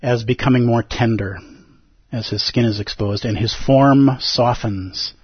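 A man's voice: medium pitch, a little slow, husky, no echo. A man teaching a Zen dharma talk to a group, conversational and playful, often tagging lines with "like" and "right?". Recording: dull, lo-fi and dry.

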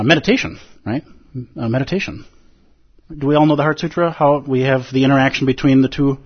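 Husky man, Buddhist teacher, chatty dharma talk, dull lo-fi sound. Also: mid-range voice. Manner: conversational, asks the audience rhetorical questions. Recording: dull lo-fi recording.

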